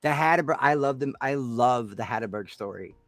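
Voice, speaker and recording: A man from the Chicago area co-hosting a casual sports chat stream, excitable, laughing often and trailing off into mumbles. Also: medium pitch, fairly quick, vocal fry, no room sound. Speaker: co-host.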